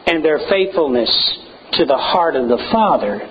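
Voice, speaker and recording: High-pitched guy preaching a sermon, earnest, rhetorical questions, muffled lo-fi sound with faint hiss. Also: animated, normal speed. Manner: earnest, rhetorical questions, shifts from soaring to hushed.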